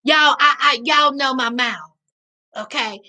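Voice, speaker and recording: A woman with a Southern US accent hosting a casual live recap, reading chat aloud and riffing in a sassy, animated way. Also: sits high, a little slow, low-quality recording. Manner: sassy, animated, calls viewers child and honey. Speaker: livestream host reading chat.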